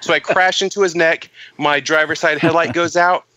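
A young man on a podcast telling a comic story, excitable and profane, with lots of "like". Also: a little high, moderate pace, highs cut off.

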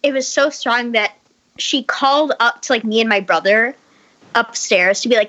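A woman's voice: fairly high pitch, moderate pace, pushed and bright, low-quality recording. A woman telling a story in casual chat over a video call, rambling and full of likes and restarts. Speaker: podcast guest telling a story.

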